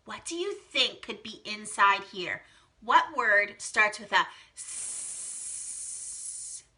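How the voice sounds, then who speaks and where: A young woman with a mid-range voice speaks extremely slowly while hosting a live phonics lesson for small children. Bubbly and encouraging, she reads out each child's guess with excited gasps and cheerfully praises every one.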